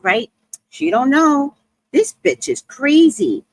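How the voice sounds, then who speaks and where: A woman tells a comedic story in an unhurried way, her pitch leaping around as she acts out everyone she quotes. Her voice sits a bit high for a woman, and she swears freely. The sound is dry and close. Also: big pitch swings, dry recording, rough recording.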